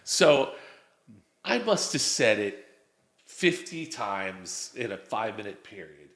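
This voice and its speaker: Bright-voiced man telling rambling stories. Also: fairly low pitch, very animated, slow, roomy sound. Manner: rambling storyteller, acts out quotes. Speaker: guest. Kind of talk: casual chat.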